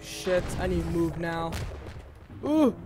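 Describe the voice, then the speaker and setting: Excitable young man swearing through a game. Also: fairly high pitch, takes it slowly, over music. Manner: excitable, swears constantly, yelps and gasps at scares. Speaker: gaming channel host. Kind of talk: live let's-play commentary. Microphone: home desk mic that glitches.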